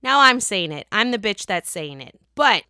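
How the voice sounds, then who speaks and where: A woman with a Pittsburgh accent hosting a gossip podcast, chatting casually with lots of swearing and sudden bursts of loudness. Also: mid-range voice, moderate pace, clear, resonant tone, dry recording, clean studio sound. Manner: chatty, profane, animated swings in loudness. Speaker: podcast host.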